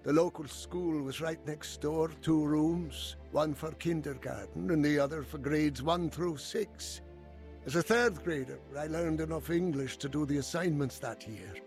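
A man recounts his memories in calm, reflective scripted narration. His voice sits a bit higher than usual for a man, and soft music plays behind him. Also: a little slow.

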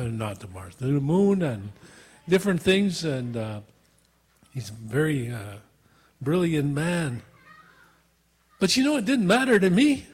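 A man's voice: fairly high pitch, slightly rough. A man preaching a sermon with earnest, repeated rhetorical questions, in a church hall. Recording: long reverb of a hall.

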